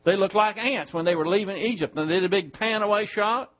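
Male pastor, high voice, verse-by-verse sermon in church, muffled low-fi recording. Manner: teaching Bible verses, spelling out Greek words slowly.

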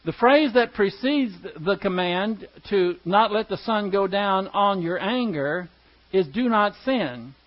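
High-voiced man teaching scripture. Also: lively intonation, takes it slowly, lo-fi sound. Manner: explains Greek grammar step by step, asks the class questions. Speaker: Bible teacher. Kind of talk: verse-by-verse Bible teaching.

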